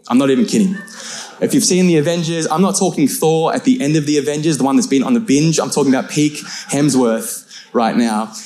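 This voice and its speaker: Animated storytelling pastor, fairly high voice. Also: male voice. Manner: animated, self-deprecating storyteller. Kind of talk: storytelling sermon.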